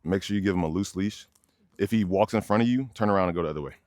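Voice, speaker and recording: Casual young male dog trainer, low and dry, relaxed outdoor teaching. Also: rapid-fire, no echo. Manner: casual, instructive, addresses viewers as y'all. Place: outdoors by a fence near many dogs.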